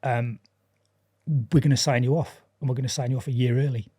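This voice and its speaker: A man's voice: medium pitch, level tone, fairly quick, dark tone, breathy edge. A man chatting as a podcast guest, animatedly acting out dialogue and laughing often. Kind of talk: casual chat.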